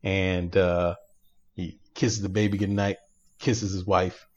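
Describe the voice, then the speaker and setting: A low-voiced man tells a movie plot in a loose, animated way, with lots of fillers, and he laughs often. He is co-hosting a casual podcast. The sound is dull and lo-fi. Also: slow. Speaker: podcast co-host. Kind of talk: casual chat, recapping a movie.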